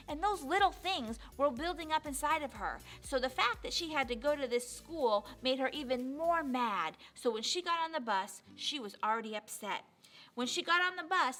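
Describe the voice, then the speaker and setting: A woman telling a moral story to children at church, talking to them directly and animatedly. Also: on the high side. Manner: animated, addresses kids directly.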